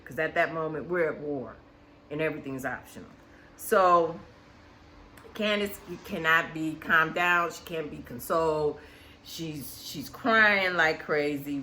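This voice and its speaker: Woman, reality TV recap host, blunt, swears freely, bright tone. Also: lowish voice, a little hiss or hum. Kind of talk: casual reality TV recap commentary.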